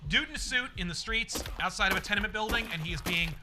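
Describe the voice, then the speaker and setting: A man's voice: high voice, quick pace, noisy background. A man hosting a casual comics podcast, telling the story animatedly, peppered with "like" and swearing. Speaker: podcast host. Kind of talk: casual comic book discussion.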